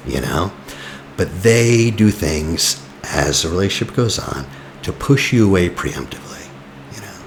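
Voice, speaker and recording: A man's voice: low voice, big pitch swings, moderate pace, slight background noise. A man talking as a relationship coach in casual, blunt advice, often tossing in "you know". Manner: blunt and teasing. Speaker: attachment coach.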